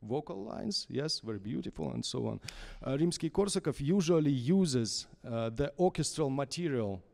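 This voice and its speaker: A man who is a conductor, with a Russian accent and Russian as his first language, coaching an opera singer in a masterclass in halting English full of fillers. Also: mid-range voice, animated, vocal fry, dark tone. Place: small concert hall. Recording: reverberant concert hall.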